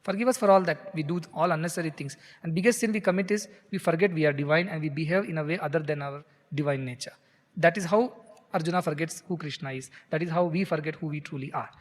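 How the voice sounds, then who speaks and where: Guy teaching scripture, fairly high voice, chants a verse then explains it, long hall echo. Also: quick pace. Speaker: spiritual teacher. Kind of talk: scripture discourse.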